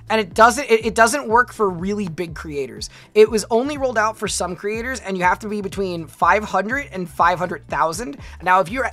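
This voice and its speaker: A woman's voice: medium pitch, fairly bright tone. A young woman streaming casually, reading her chat aloud and reacting with chatty restarts.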